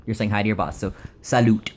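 A young adult woman hosting a casual vlog, playful and quick to laugh. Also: very deep voice, steady tone, darkish tone. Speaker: vlog host. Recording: faint background noise.

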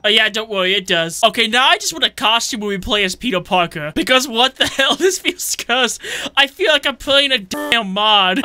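A man giving comedic, profane commentary while playing a video game, often bursting into yells. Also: high voice, clear, resonant tone. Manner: joking, swearing, sudden yelling outbursts. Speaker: gameplay commentator. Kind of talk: comedic let's-play commentary.

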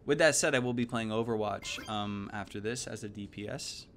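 A man's voice: fairly low pitch, normal speed, soft background music. A young man streaming a video game, chatting casually, rambling and swearing, mumbling one moment and yelping the next. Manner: rambling and profane, swings from mumbles to excited yelps. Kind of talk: casual gaming stream chat.

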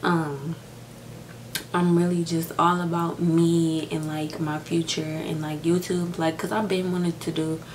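A woman's voice: low-pitched, level tone, unhurried, darkish tone, slight background noise, rough recording. A young woman vlogging while doing her makeup at home. She talks frankly and tearfully, says "like" a lot and swears. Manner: frank, heavy use of "like" and swearing. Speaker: beauty vlogger. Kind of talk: casual get-ready-with-me chat. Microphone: camera microphone.

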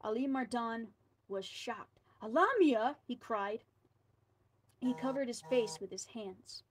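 A woman's voice: fairly high pitch, low-quality recording. Woman reading a scary story aloud. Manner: dramatic storybook reading with quiet asides.

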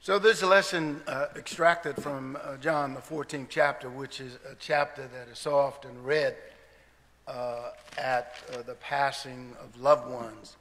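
A man preaching a sermon as a church elder, slow and deliberate, quoting scripture. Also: mid-range voice, fairly even intonation, fairly bright tone, a little hiss or hum. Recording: long church hall reverb.

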